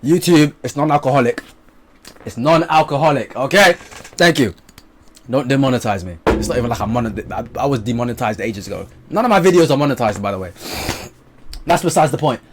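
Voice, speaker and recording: There's background noise as a young man reviews a movie on camera in a relaxed vlog, speaking fairly quickly. Animated and excited, he shifts between loud bursts and low mutters, cursing liberally.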